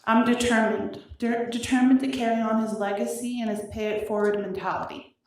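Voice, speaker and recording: A woman reading her own victim impact statement aloud in a courtroom, emotional and halting, her voice wavering with grief. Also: on the high side, steady tone, slight background noise. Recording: echoey courtroom audio from far off.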